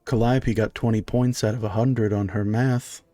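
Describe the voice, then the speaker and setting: A man's voice: lowish voice, steady tone, normal speed, mellow, faint music behind. A man narrating a tabletop game as game master, casual and chatty, storytelling with lots of "she goes".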